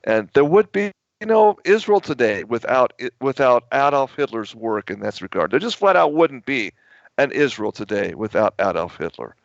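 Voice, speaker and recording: A man's voice: medium pitch, sing-song, normal speed, creaky, no echo. A man who is an author guesting on a radio talk show, telling long, emphatic, rambling stories. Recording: dull lo-fi dry sound.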